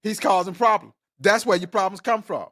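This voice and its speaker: A man's voice: high voice, brisk, pushed and bright. A middle-aged man co-hosting a casual podcast, arguing his point emphatically and repeating it. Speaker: co-host, father figure.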